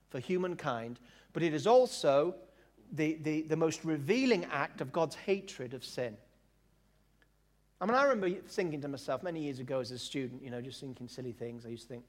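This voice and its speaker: A man's voice: high voice, big-room sound. A male preacher giving a sermon, stressing key words by drawing them out and mixing in jokey asides.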